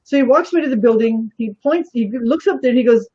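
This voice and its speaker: A woman's voice: a little high, fast, hardly any pauses, dark tone, breathy edge, dull audio. A woman guest telling a story in casual talk, animatedly acting out the voices of the people she quotes.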